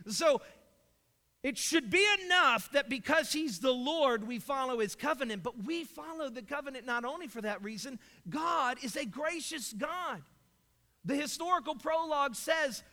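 A man's voice: very high-pitched, animated, moderate pace, sharp tone. A man preaching a sermon, emphatic and full of rhetorical questions. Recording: long hall reverb.

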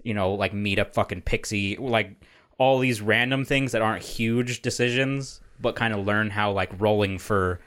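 A man's voice: fairly low pitch, moderate pace, a bit bright. A man co-hosting a podcast, rambling in casual chat, swearing a lot and laughing often. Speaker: podcast co-host.

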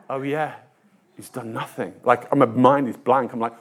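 A man's voice: mid-range voice, steady tone, normal speed. A man preaching a sermon in a conversational storytelling way, with frequent hesitations and restarts and a self-deprecating tone.

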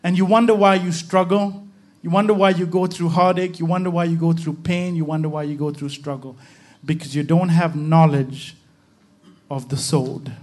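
A man's voice: on the high side, little pitch movement, moderate pace, a little mellow, no echo. A man pastor preaching a sermon with emphatic, repetitive rhythmic phrasing.

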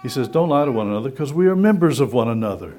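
Speaking very fast in a mid-range voice, a man preaches a lively, conversational sermon. He fires off rhetorical questions and acts out little voices.

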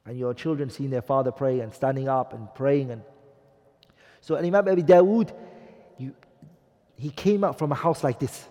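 A man's voice: medium pitch, moderate pace, pauses often, mellow. A man teaching a religious class, lecturing and often asking his audience questions, with Arabic phrases mixed in. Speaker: Islamic studies teacher. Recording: reverberant hall recording.

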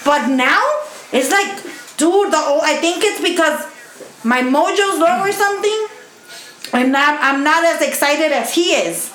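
A woman's voice: high-pitched, unhurried. A woman in her thirties venting in a casual chat, swearing often and laughing as she talks. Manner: profane, laughing, animated venting. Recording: echoey room, faint noise.

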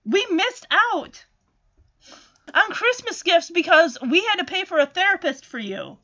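A woman's voice: very high-pitched, expressive, unhurried, sharp tone, highs cut off, exaggerated voice. A woman voicing a bossy, irritated little girl who scolds her brother. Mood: scolding.

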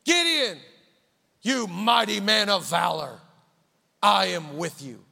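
Man doing a solemn angel, proclaiming slowly, high bright voice, echoing hall. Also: lively intonation, creaky, full character voice. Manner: slow, proclaiming. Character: angel announcing God's word, solemn and proclaiming. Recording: reverberant hall.

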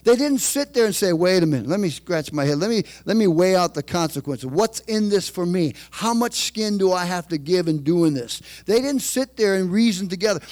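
A man with a high-pitched voice preaches a sermon. He calls out to the congregation for amens and moves between quiet, confiding asides and raised emphasis. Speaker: pastor.

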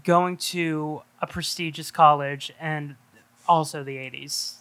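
Casual film podcast co-host, mid pitch. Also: steady tone, slow, fairly bright tone. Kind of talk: casual film review chat.

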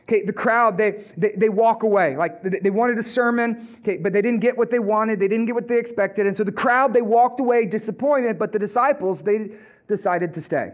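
High-voiced man preaching conversationally. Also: a little fast, muffled recording. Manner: conversational, repeats and restarts, acts out quotes. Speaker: pastor. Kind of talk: sermon.

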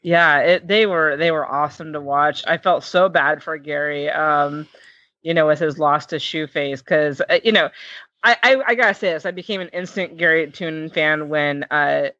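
A woman guest, a fight matchmaker, chatting in a casual interview, excitable and quick to laugh. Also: low-pitched, no echo, muffled recording. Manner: excitable, laughs often, self-described nervous reactor. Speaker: MMA matchmaker and commentator, guest.

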